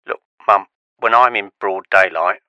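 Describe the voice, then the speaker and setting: A man's voice: on the low side, a little slow, pushed and bright, clear, resonant tone, no echo, highs cut off. A man playing a grown son who keeps scolding his mother in a dry, exasperated way, in a scripted comedy sketch. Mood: weary. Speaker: comedy podcast character.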